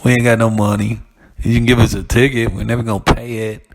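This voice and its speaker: A man's voice: mid-range voice, little pitch movement, fast, natural voice. A man putting on defiant loitering street men, brash and taunting.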